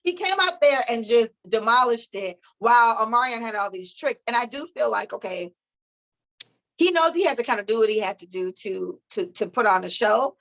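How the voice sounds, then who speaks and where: A woman co-hosting a podcast, chatting casually with profane, animated storytelling. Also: on the high side, normal speed, gravelly, lo-fi sound. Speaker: podcast co-host. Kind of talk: casual chat.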